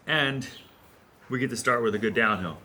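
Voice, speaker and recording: A man with a bright, sharp-edged voice, talking casually as a cyclist in a vlog. He speaks in a steady, reassuring way. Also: mid-range voice, normal speed. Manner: steady, reassuring, some fillers.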